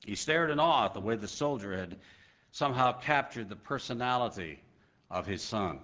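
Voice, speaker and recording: A male preacher telling a sermon story with dramatic pauses and slow emphasis. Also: lowish voice, animated, sharp tone.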